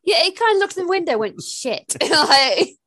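A woman's voice: very high-pitched, big pitch swings, fairly quick, a bit bright, no echo, clean studio sound. A woman guest on a podcast, chatting casually about a horror film in an agreeable, chatty way and laughing often.

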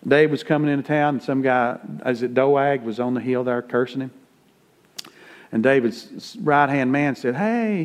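A man's voice: mid-range voice, a little mellow. Folksy middle-aged preacher man. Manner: folksy, plain-spoken preaching with rising emphasis. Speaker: pastor. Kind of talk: conversational sermon.

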